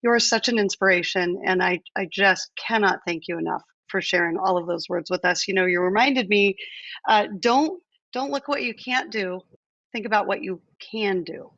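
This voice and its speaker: A woman's voice: mid-range voice, fairly even intonation, normal speed, a bit bright, dry recording, highs cut off. A woman in her forties from the United States, co-hosting a live stream from home and talking casually and emotionally, with storytelling asides. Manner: emotional, chatty, tells stories with quoted asides. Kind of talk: casual conversational talk.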